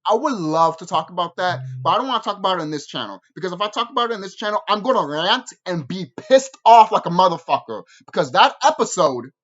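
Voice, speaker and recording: A woman reviewing a show rants in a vlog, swearing freely and animatedly, full of fillers and restarts. Her voice is on the low side and quick-paced with hardly any pauses, and the sound is lo-fi.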